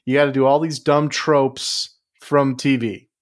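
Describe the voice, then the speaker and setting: A hoarse man co-hosting a casual comedy movie podcast, joking around and swearing freely. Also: medium pitch, steady tone, unhurried. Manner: jokey, swearing, goofy bits. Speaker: podcast co-host.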